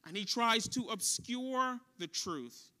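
Male pastor, high ringing tone, sermon delivery with call-and-response. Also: animated, slow pace. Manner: preaching with call-and-response questions, dropping soft for stories.

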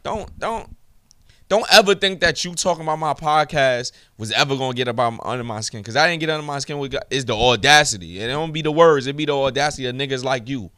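A man's voice: medium pitch, fast, pushed and bright, smooth, no room sound. A young man hosting his own podcast alone, ranting in a profane, heated, swaggering way. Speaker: podcast host. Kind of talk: solo podcast rant.

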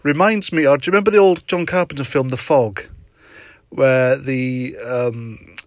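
A man's voice: mid-range voice, fairly even intonation, moderate pace, dry recording, clean studio sound. A middle-aged man hosting a casual solo podcast from his parked car at night, telling a story with frequent laughs and swearing. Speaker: podcast host.

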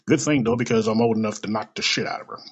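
Gravelly husky man telling a story. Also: fairly low pitch, quick pace, dull audio. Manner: blunt, profane, emotional retelling. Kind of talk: personal story told aloud.

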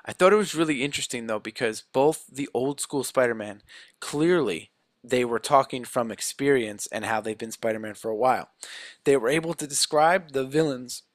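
A man's voice: medium pitch, moderate pace, dry recording. Man eagerly retelling a movie, dry sound. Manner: animated storytelling, many "like"s. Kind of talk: casual movie recap.

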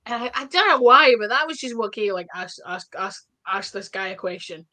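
A woman with a Scottish accent, a wrestler telling stories in a casual interview, chatty and full of quick asides. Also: medium pitch, lively intonation, sharp tone. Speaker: wrestler guest.

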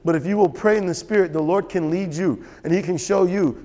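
A man's voice: high voice, brisk, hardly any pauses, mellow. Emphatic male preacher in a reverberant hall. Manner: emphatic and repetitive, asks the audience for assent. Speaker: pastor. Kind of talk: sermon.

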